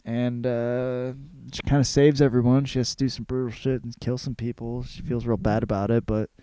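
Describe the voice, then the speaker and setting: A man's voice: mid-range voice, flat delivery, normal speed, warm tone, smooth, no room sound. A man hosting his podcast in a casual, crude, rambling comic monologue with plenty of fillers and cursing. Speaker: podcast host.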